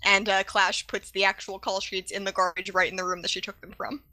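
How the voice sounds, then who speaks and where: A woman's voice: medium pitch, level tone, fairly quick, sharp tone, no echo. A woman co-hosting a podcast in casual chat, joking wryly and laughing often. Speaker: podcast co-host. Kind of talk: casual chat recapping a cartoon.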